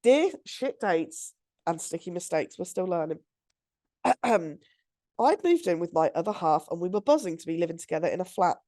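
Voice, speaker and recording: A woman's voice: lowish voice, sing-song, moderate pace, mellow. A woman, co-hosting a podcast and reading out a listener's story in a chatty, giggly way. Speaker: podcast co-host.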